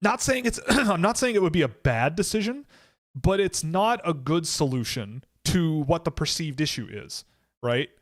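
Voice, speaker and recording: A man with a slightly higher voice talks through a casual live stream in a loose, rambling way. He stops and restarts often and fills the gaps with "like" and "um". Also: sing-song, moderate pace. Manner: rambling, self-correcting, many fillers. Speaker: hockey draft analyst hosting a live stream.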